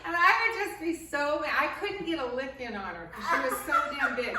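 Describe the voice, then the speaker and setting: Woman, high bright voice, animated storyteller, echoey room from a distance. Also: brisk, noisy background. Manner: laughs often while telling, animated. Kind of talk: casual storytelling.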